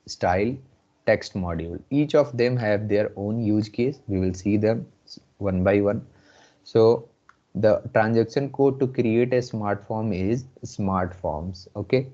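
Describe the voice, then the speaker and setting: Male instructor with Indian English accent, slow repetitive delivery, lo-fi online class sound. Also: fairly low pitch, dark tone. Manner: slow, repeats phrases often. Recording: muffled lo-fi audio.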